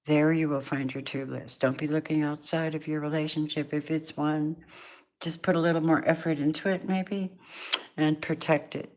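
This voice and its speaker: A middle-aged woman talks through a tarot reading in a casual, chatty way. Her voice sits low, and she laughs often and slips into playful voices for the people in the cards. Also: a little mellow. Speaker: tarot reader.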